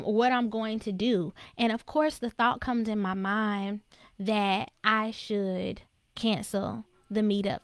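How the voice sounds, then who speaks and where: A woman's voice: mid-range voice, fairly bright tone, no echo. Young woman speaker telling her story, earnest and faith-filled, dry close mic. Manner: earnest, emotional retelling with faith references. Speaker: speaker for women in business. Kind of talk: personal testimony, motivational storytelling.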